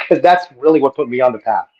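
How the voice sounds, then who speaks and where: Man in his thirties, fast talker, earnest, animated, lo-fi call sound. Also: medium pitch. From Texas. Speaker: guest martial arts instructor. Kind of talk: casual podcast conversation. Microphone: video call.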